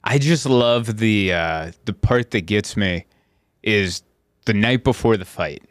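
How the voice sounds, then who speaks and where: A man, a comedian hosting a podcast, chatting casually and telling stories with animated voices. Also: slow, dry recording, clean studio sound. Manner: animated storytelling, jumps into loud squeaky voices and laughs. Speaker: stand-up comedian, podcast host.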